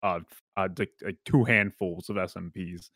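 A man's voice: low voice, moderate pace, fairly bright tone, no echo, studio quality. A man chatting casually in a group podcast, giggly and trailing off mid-sentence.

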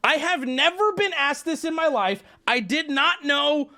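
A man hosting a livestream, telling a story to chat in a casual, animated way, swearing and breaking into yelling. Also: extremely high pitch, measured pace. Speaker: livestream host.

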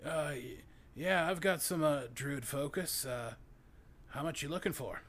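A dreamy stoner druid, young and male, rambling along in a slightly high, easygoing drawl, as a man plays him in a tabletop game. He loses his thread constantly, padding everything with "like" and "man". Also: measured pace, fairly bright tone. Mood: spacey. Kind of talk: tabletop role-play character voice.

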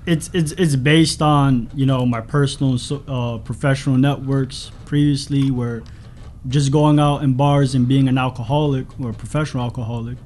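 Mellow-voiced man from the Bronx. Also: mid-range voice, steady tone, moderate pace, a little hiss or hum. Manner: rambling storyteller, crude jokes. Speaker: guest, new stand-up comic. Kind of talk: casual podcast chat.

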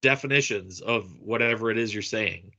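A laid-back man chats on a podcast, easygoing and quick to laugh along. His voice is bright and forward. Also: on the low side, dull audio. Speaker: podcast co-host. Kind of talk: casual chat.

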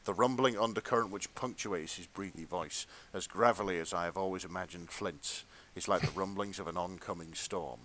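A man co-hosting a comedy podcast, reading fan fiction aloud in a hushed, mock-serious tone. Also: sits low, brisk, hardly any pauses. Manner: reads in a hushed, mock-serious tone, then cracks up. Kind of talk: dramatic reading with comic asides.

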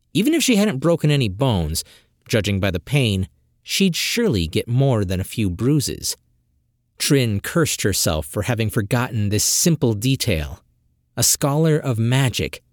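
A man's voice: medium pitch, no echo, studio quality. A man narrating a fantasy short story as an audiobook, telling it expressively and dramatically.

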